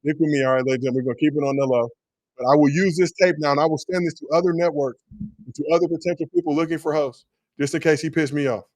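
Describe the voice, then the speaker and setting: Forties guy cracking jokes on a sports stream, kinda high voice, dry close sound. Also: very fast, no room sound. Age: 40s. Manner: joking, hype, shout-outs to chat. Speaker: co-host. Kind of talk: casual livestream chat.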